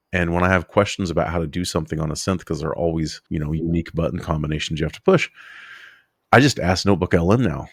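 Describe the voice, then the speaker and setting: A man with a very deep voice co-hosting a podcast in a relaxed, chatty way. He talks enthusiastically and leans on fillers like "like" and "you know". The sound is close and dry. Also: no room sound. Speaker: podcast co-host. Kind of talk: casual podcast chat.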